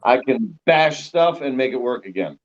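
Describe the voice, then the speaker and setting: A man chatting loosely as a comedian guest, telling animated little stories. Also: mid-range voice, moderate pace, muffled recording. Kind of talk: casual comedy chat.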